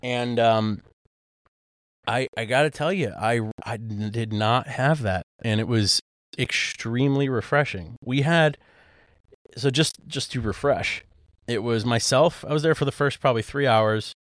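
A man's voice: medium pitch, measured pace, fairly bright tone, no echo, studio quality. A man co-hosting a podcast, telling a story in casual chat, rambling with lots of fillers and restarts. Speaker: podcast co-host.

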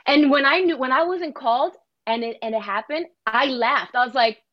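A woman singer from New Jersey, talking candidly over a video call and telling animated stories with quoted asides. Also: high voice, moderate pace, no echo, muffled recording. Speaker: singer interviewed as guest. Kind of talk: casual video-call interview.

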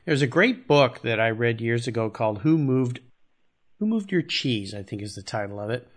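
A man's voice: medium pitch, animated, normal speed. A man hosting an interview, chatty and affirming as he asks questions. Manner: chatty, affirming, laughs along. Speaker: interview host. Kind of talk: casual interview.

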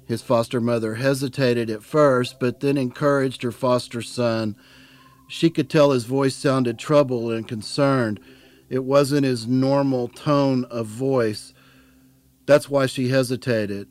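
A man narrating an audiobook in a plain, measured storytelling manner. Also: medium pitch, fairly even intonation, darkish tone. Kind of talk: scripted narration.

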